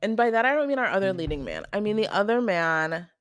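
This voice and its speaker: A young adult woman hosting a casual solo podcast, chatty and opinionated, full of "like" and quick asides. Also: mid-range voice, lively intonation. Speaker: podcast host.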